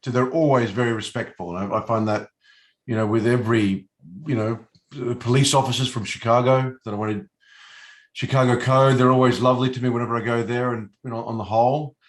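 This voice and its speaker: Speaking a little fast with a steady tone in a mid-range voice, the middle-aged Australian actor answers interview questions casually. His talk wanders, stumbling over restarts and plenty of filler words.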